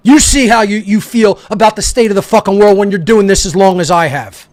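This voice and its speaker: High-pitched man in a profane, angry rant. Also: normal speed, no echo. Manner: heated, profane, confrontational. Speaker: talk show host. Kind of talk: angry ranting monologue.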